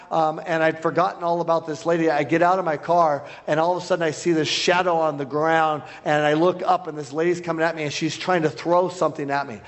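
A man who is a guest preacher, telling a story in a sermon, loud, with many repeated restarts. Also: high-pitched. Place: church hall. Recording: long hall reverb.

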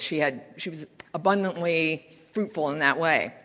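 In a church sanctuary full of long reverb, a woman delivers a sermon in a candid, conversational style, weaving in stories. Her voice sits on the low side, fairly bright in tone, moving at normal speed.

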